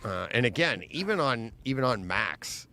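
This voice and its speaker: A man's voice: medium pitch, sing-song, normal speed, sharp tone, a little hiss or hum. A man co-hosting a home theater podcast, chatting casually with playful teasing and frequent laughs. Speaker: podcast co-host. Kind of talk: casual live-stream chat.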